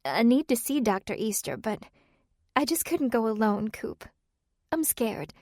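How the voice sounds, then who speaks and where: A woman voicing an anxious young wife longing for a baby, pleading and tearful, then quick to tease, in a dry audiobook reading. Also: on the high side, very animated, darkish tone, dry recording, voice pushed up, full character voice. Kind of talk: audiobook character voice.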